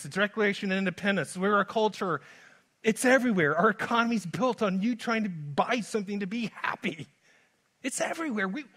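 High, bright-voiced man preaching. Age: adult father. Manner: dynamic preaching, swings from soft to loud. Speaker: pastor. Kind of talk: sermon.

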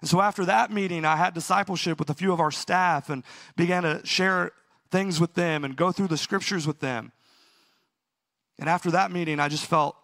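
A pastor giving a sermon, telling a story earnestly and sometimes laughing at himself. His voice sits a little high for a man and has a gravelly edge. The sound is dry and close. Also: fairly bright tone, no room sound.

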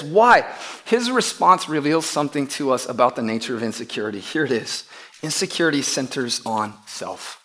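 A man preaching a sermon to his church, emphatic, often repeating words and dropping from loud to hushed. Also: mid-range voice, expressive, normal speed. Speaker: pastor.

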